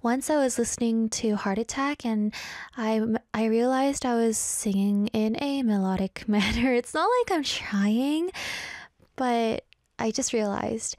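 A woman DJ hosting a radio show, chatting and reading listener comments. Her voice swings between a high register and a low, breathy one. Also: unhurried, darkish tone, dry recording, studio quality. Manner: drops into a breathy whisper at times. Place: broadcast studio in South Korea.

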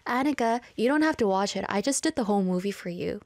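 A woman's voice: medium pitch, animated, moderate pace, pauses often, darkish tone, no echo. A woman hosting a radio show in a studio, chatting casually and playfully and reading listener messages with frequent giggles.

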